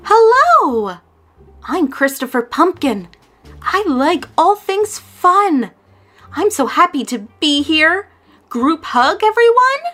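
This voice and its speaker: A woman's voice: high voice, sing-song, slow pace, sharp tone, pitched above the performer's own voice, exaggerated voice. A woman voicing a cheerful, friendly little pumpkin boy in a storybook, eager and bubbly.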